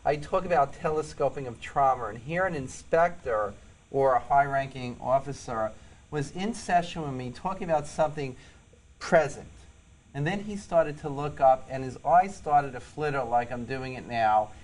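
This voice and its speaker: A man's voice: mid-range voice, moderate pace, a little mellow, low-quality recording. A man with a New York accent, a psychologist and police officer, earnestly telling stories in an interview and repeating key points for emphasis. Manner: earnest storytelling, emphatic repetitions. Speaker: psychologist and police sergeant guest. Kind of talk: interview conversation.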